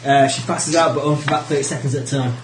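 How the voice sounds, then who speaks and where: A man's voice: mid-range voice, racing. Chatty man at a gaming table. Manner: chatty, animated storyteller. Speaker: player. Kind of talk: casual table chat. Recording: roomy with faint noise.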